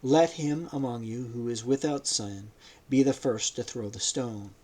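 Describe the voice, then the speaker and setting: Jesus, gentle, tranquil, sad, earnest, slow-spoken, man voicing him, audiobook reading. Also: medium pitch, natural voice. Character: Jesus, a calm, loving, sorrowful man.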